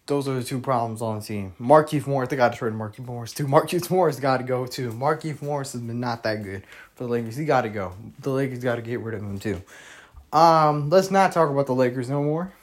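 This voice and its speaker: A man's voice: mid-range voice, a little fast. Rambling young man on a podcast. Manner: rambling, repetitive, with many fillers and restarts; opinionated, with frequent mild cursing. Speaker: podcast host. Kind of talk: casual solo podcast talk.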